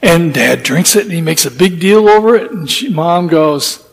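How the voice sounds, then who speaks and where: Preacher, male, slightly high voice, folksy storyteller, long hall reverb. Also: moderate pace, vocal fry, breathy edge. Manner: folksy, rambling with restarts. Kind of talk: sermon with storytelling.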